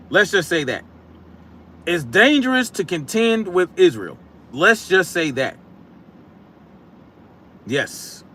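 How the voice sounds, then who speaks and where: A combative man running a political live stream and reading his chat aloud. He talks bluntly in casual slang and projects his voice. His voice sits a little higher than most men's. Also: fairly bright tone. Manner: casual slang, repeats catchphrases.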